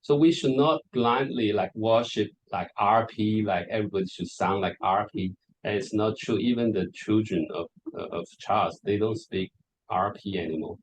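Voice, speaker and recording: A man's voice: fairly low pitch, normal speed, low-quality recording. A man giving an academic presentation in a casual way, full of "like" and "okay". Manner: casual, filler-heavy, with frequent "like" and "okay". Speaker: conference presenter.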